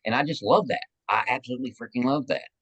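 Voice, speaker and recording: A man hosting a casual interview podcast, enthusiastic and animated as he asks questions. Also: medium pitch, fast, husky, no room sound, highs cut off. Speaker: podcast host.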